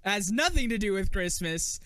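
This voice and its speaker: A man's voice: high-pitched, lively intonation, moderate pace, fairly bright tone. A man hosting a casual podcast, laughing often and swearing freely in rambling talk. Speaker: podcast host.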